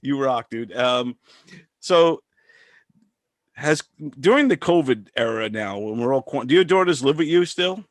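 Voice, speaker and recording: A man hosting a relaxed interview, asking loose questions full of fillers and warm laughter. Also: mid-range voice, measured pace, dry recording, studio quality. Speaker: podcast host. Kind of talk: casual interview chat.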